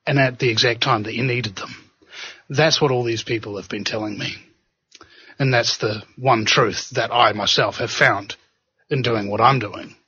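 A man with a New Zealand accent hosting a talk show, preaching and joking in an animated, casual way. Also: mid-range voice, slightly rough, no echo. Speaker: podcast host. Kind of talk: casual chat and monologue. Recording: dull lo-fi sound.

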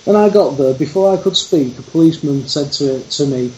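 A man's voice: fairly high pitch, animated, fairly quick, a little mellow, a little hiss or hum. A man in casual conversation, emphatic, telling his story. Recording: roomy, dull lo-fi sound with faint background.

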